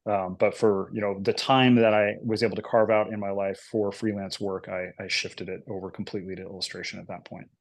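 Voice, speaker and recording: A lowish-voiced man in his forties chatting as an interview guest about his illustration work. He rambles along easily and fills his sentences with little fillers. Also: little pitch movement, fairly quick, few pauses. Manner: rambling, filler-heavy storytelling. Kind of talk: casual interview chat.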